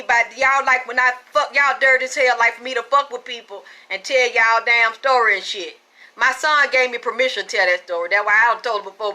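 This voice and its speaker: A middle-aged woman giving a spiritual reading, telling a story in blunt, salty, animated language. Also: high-pitched. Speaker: spiritual reader. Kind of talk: profane storytelling chat.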